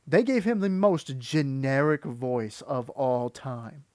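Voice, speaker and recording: A man's voice: medium pitch, slow pace, darkish tone, no echo, studio quality. A man who does voice acting, giving an exasperated, critical commentary rant that rambles with many restarts. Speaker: YouTuber and voice actor.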